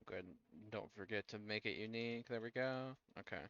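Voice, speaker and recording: A man running an online tabletop game as game master, talking casually in a halting way with lots of fillers. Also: fairly low pitch, fairly bright tone, clear, resonant tone, dry recording, highs cut off. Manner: halting, many fillers and restarts.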